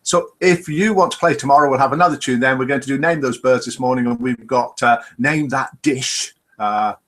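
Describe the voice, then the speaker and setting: A man with a mid-range, slightly bright voice talks a little fast as he casually hosts a live online show. He chats, reads scores aloud, and greets viewers by name.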